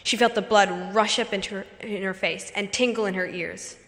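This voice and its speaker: A woman student giving a memorized, expressive recitation of a story at a school speech meet. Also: mid-range voice, normal speed. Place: school auditorium. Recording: hall reverb.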